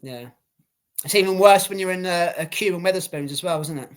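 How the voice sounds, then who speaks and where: Higher-voiced British man hosting a podcast. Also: brisk, slight background noise. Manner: swears freely and addresses listeners as ladies and gentlemen. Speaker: podcast co-host. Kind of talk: casual podcast chat.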